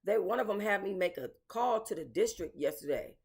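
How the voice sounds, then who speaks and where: A woman's voice: medium pitch, expressive, brisk, a little mellow, breathy edge. A woman hosting casual commentary, talking bluntly and emotionally to her viewers, swearing and calling them y'all. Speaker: commentary channel host.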